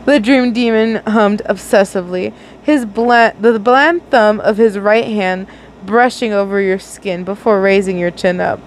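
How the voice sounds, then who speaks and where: A woman's voice: fairly high pitch, moderate pace, a little hiss or hum, rough recording. A young woman reading fanfiction aloud casually, giggling and correcting her own slips. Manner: giggly, stumbles and corrects herself. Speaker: fanfiction reader.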